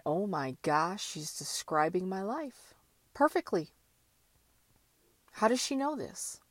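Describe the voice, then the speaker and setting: A woman's voice: fairly low pitch, no echo. A woman giving a candid motivational monologue, blunt and emphatic, with casual swearing. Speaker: motivational vlogger.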